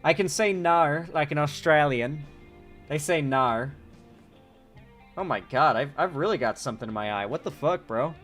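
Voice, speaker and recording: A man's voice: fairly high pitch, lively intonation, brisk, a bit bright, soft background music. A man doing casual livestream commentary, reading chat messages and swearing freely. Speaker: streamer and political commentator.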